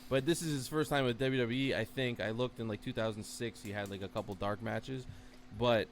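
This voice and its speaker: A man's voice: medium pitch, steady tone, a little fast, faint music behind. A man co-hosting a wrestling podcast, rambling casually with many fillers and acting out quotes. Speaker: podcast co-host.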